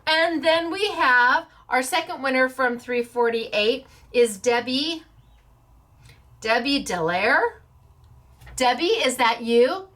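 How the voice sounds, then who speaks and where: A woman's voice: high-pitched, animated, slow, a bit bright. A woman hosting a craft show in casual chat, bubbly and playful as she announces giveaway winners. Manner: bubbly, playful, stumbles over names with laughs.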